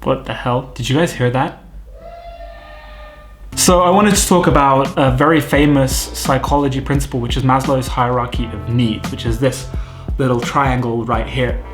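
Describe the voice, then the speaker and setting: A British man in his thirties vlogs to camera from home, thinking aloud in an earnest, self-critical, candid way. His medium-pitched voice has fairly even intonation and a normal pace, with faint music in the background.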